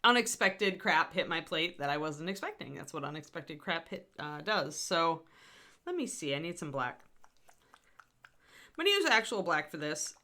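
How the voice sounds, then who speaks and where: A woman's voice: low-pitched, very animated, moderate pace, sharp tone. A middle-aged woman hosting a live miniature painting tutorial, chatty and self-deprecating, talking through her steps with scattered asides. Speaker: host.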